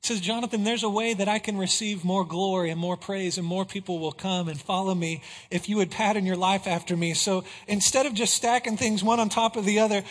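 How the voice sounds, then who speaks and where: A man preaching a sermon, swinging between hushed passages and loud exclamations of praise. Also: high voice. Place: church sanctuary. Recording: long hall reverb.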